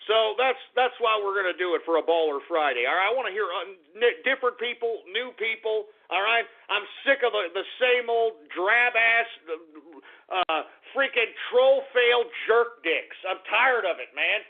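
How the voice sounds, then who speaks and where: A male call-in radio host with a high voice, ranting in exasperation and now and then bursting into shouts. The sound is thin and lo-fi, like a phone line. He talks plainly and rough, swearing as he goes. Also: moderate pace. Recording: tinny phone-like lo-fi broadcast.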